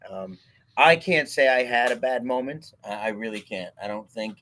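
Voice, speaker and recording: A man recounting a team event in casual panel chat, animated and laughing often. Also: medium pitch, normal speed, a little hiss or hum. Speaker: cartel commander in an airsoft event.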